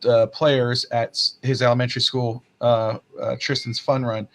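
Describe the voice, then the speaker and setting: A man, a father and podcast host, chatting casually and acting out quoted lines in a loud, animated way. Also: medium pitch, normal speed. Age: adult father. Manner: animated storyteller, acts out quotes loudly. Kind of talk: casual chat.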